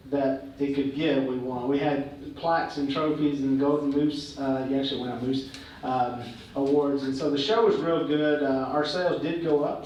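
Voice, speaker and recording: A man, a guest speaker, telling stories to a live audience in a relaxed way with many fillers. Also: medium pitch, muffled recording. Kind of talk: on-stage storytelling. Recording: echoey hall, heard from a distance, faint noise.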